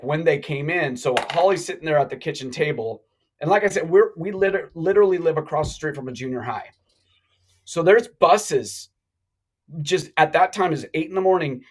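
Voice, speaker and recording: A middle-aged man telling a long story on a live talk show, animated and rambling, with many restarts. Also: a little high, rough recording. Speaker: guest.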